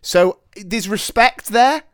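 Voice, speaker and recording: A man co-hosting a podcast in casual chat, playful and quick to laugh, often restarting his words. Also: high voice, a bit bright, no echo, studio quality. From northern England. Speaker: podcast co-host.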